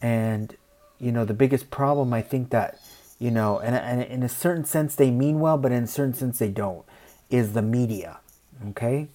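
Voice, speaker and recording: A man's voice: mid-range voice, normal speed, warm tone. Rambling man giving opinions. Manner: rambling, repeats "you know", mimics people in quoted asides. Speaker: commentator. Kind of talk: casual opinion monologue.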